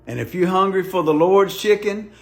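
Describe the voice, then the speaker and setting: A man's voice: high-pitched, animated, moderate pace, vocal fry. A man doing a wry, laid-back stand-up monologue. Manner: laid-back, wry, chuckles between jokes. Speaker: comedian.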